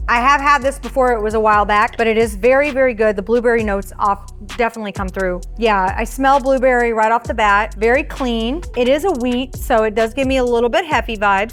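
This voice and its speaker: A bubbly woman with a high, bright-sounding voice hosts a casual beer review from a bar. She chats easily, throws in plenty of "like", and keeps calling things cute. Soft music plays faintly behind her. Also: brisk. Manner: bubbly and enthusiastic, gushes that things are cute; chatty, with frequent "like" fillers. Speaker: host of a craft beer review show.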